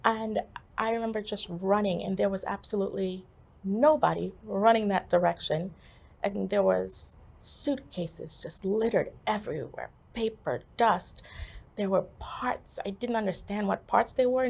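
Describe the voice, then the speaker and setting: A woman telling a personal story as an interview guest, halting and full of pauses and fillers. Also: mid-range voice, gravelly, darkish tone. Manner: halting, with many fillers and restarts.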